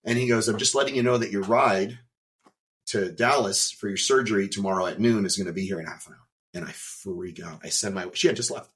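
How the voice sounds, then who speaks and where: A man, a podcast guest, telling a personal story in an emphatic, animated way, with some swearing. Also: on the low side. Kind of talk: storytelling in an interview.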